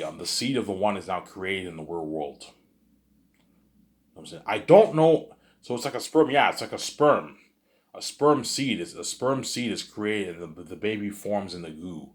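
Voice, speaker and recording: A man talking alone in a rambling, boastful monologue, repeating himself and restarting sentences as he goes. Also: deep voice. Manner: repetitive, restarts, keeps saying "obviously" and "you know what I'm saying". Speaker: vlogger.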